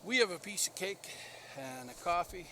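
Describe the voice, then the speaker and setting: A man's voice: sits high, lively intonation, normal speed, background noise. A man, a dog breeder, telling a rambling, enthusiastic story outdoors and laughing at himself. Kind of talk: casual storytelling vlog.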